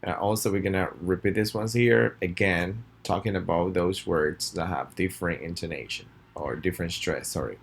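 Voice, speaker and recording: Deep-voiced man teaching pronunciation. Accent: Spanish. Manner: reads example sentences slowly and clearly for students to repeat. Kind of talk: recorded online lesson.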